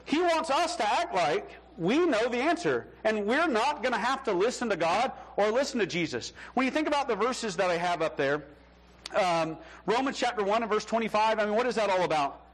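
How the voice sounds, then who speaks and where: High-voiced, lively preacher man. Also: brisk, slightly rough, low-quality recording. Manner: conversational preaching, acting out quoted voices. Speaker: pastor. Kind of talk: sermon.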